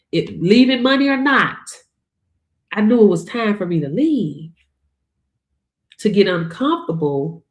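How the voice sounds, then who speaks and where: A woman's voice: medium pitch, darkish tone. A woman coach giving a motivational talk, emphatic and colloquial with punchy catchphrases. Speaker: online income coach.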